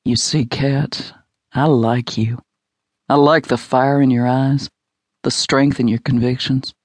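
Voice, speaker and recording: A man voicing a smooth, seductive suitor. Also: fairly even intonation, slow, dry recording. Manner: low, teasing and assured. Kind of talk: audiobook romance dialogue.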